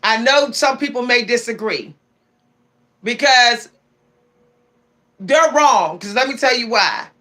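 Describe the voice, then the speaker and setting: A woman's voice: fairly high pitch, expressive, slow pace, pauses often, bright, forceful tone. Emphatic woman preaching on a livestream. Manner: preachy, emphatic, repeats key phrases. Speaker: spiritual streamer. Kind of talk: spiritual livestream talk.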